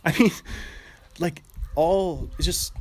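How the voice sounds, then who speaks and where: A man's voice: on the high side, slow pace. A young man talking casually on a podcast, rambling and chatty, laughing often and restarting his sentences.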